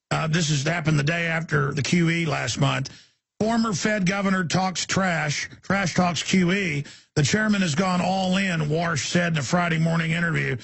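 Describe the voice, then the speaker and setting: A man's voice: a little high, gravelly, fairly bright tone, husky, no room sound. A man hosting a call-in radio talk show, rambling with many fillers as he plugs material and takes calls.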